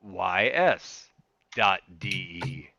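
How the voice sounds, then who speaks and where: A man's voice: low voice, drawn-out words, vocal fry, pushed and bright, slight background noise. A man co-hosting a casual gaming podcast, teasing and enthusiastic, swearing as he talks. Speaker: podcast co-host.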